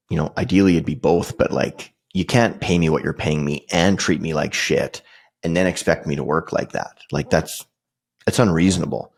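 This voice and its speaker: A man's voice: deep voice, creaky, breathy edge. A man, hosting a podcast and telling a personal story in a casual, conversational way, swearing freely and restarting often. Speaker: podcast host.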